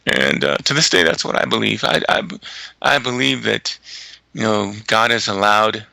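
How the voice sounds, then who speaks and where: A middle-aged man, a teacher, telling personal stories in an interview in an earnest, halting way with many restarts. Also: fairly low pitch, big pitch swings, creaky, sharp tone, dry recording. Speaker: teacher and father of a missing boy, interviewee. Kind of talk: emotional storytelling interview.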